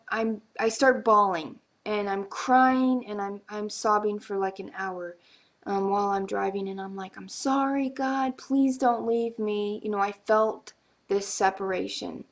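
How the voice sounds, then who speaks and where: A woman giving a personal faith testimony to viewers, earnest and halting, with many pauses and restarts. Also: mid-range voice, steady tone. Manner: emotional, confessional.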